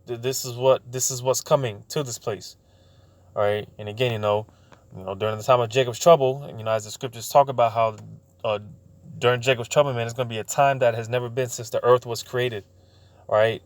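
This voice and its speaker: A man giving an informal bible teaching, stumbling over words with many fillers and repeats, slowing down when he reads verses aloud. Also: mid-range voice, steady tone. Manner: slows down to read scripture aloud.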